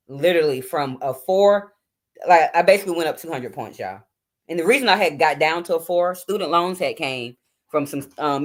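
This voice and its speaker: A woman in her forties hosting a casual livestream from home at night, chatting informally and talking straight to her viewers. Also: deep voice. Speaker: livestream host. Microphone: phone or webcam.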